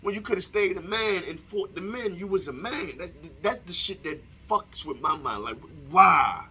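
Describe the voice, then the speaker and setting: A young man talking straight to camera in a casual vlog, swearing freely and throwing rhetorical questions at his viewers. His voice sits a little high for a man and has a bright, forceful edge. Faint ambient noise hums behind him. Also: moderate pace. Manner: profane, heated rhetorical questions. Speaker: vlogger. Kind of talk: casual opinion monologue to camera.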